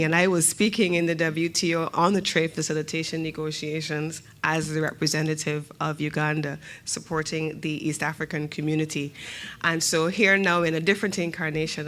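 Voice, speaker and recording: A woman's voice: sits low, a bit bright. Barbadian woman giving a formal speech. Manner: measured, emphatic, rhetorical questions. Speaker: government minister.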